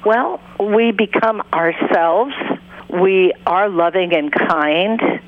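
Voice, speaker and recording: A counselor and author talking as an interview guest, earnest and unhurried, acting out little quotes along the way. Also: medium pitch. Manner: unhurried, earnest, acts out quotes in other voices. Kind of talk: interview over the phone. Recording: tinny phone line.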